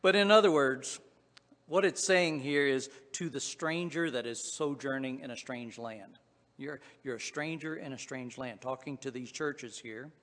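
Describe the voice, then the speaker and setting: A man's voice: mid-range voice, unhurried, a bit bright, long reverb tail. A man with a Southwest Virginia accent preaching a sermon in a folksy, conversational way, with frequent restarts and fillers. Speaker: pastor.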